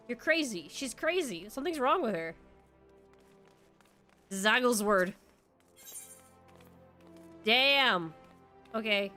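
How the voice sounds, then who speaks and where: A woman's voice: on the high side, animated, slow, long pauses, sharp tone, faint music behind. A young woman streamer reacting casually and with frequent swearing as she plays a game. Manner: laughing, swearing, chatty reactions.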